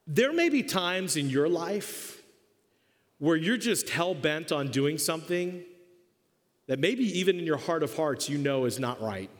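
Pastor guy preaching, funny animated storytelling, fairly high voice, big hall reverb. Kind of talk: sermon. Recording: long reverb of a church hall.

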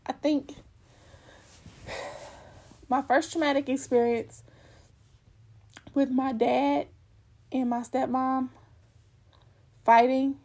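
A woman's voice: high-pitched, steady tone, takes it slowly, long pauses, warm tone. A young woman telling a personal story in a candid, rambling way, full of fillers.

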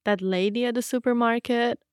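A young woman from Romania whose first language is Romanian, narrating her own story in a measured, reflective way. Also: a little high, steady tone, no room sound, clean studio sound. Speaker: narrator of a documentary podcast. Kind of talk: scripted personal narration.

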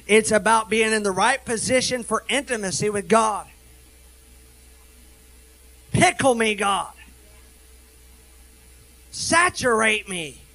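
High-voiced man preaching animatedly. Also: low-quality recording. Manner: animated preaching, swings between quick asides and slow emphatic scripture reading. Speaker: minister. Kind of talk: sermon.

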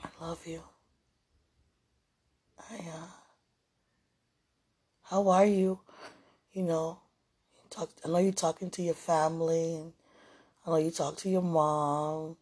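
A low-pitched woman speaks in a soft, rambling, affectionate monologue, often turning to talk of God. Her voice is dark and very smooth, and it sometimes sinks to a near-whisper. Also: flat delivery, slow, long pauses. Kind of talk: casual emotional monologue to a viewer.

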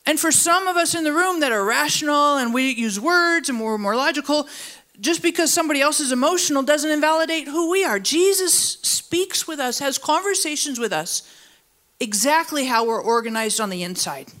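During a church service streamed online, a woman pastor preaches to listeners in the room and on the internet. She speaks animatedly, jumping up high to emphasize and falling low and slow, while prompting the congregation to supply words.

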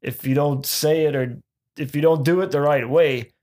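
A man's voice: on the high side, fairly even intonation, a little mellow. A man, a guest comedian chatting casually on a podcast, rambling with many restarts. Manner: rambling, halting, full of restarts.

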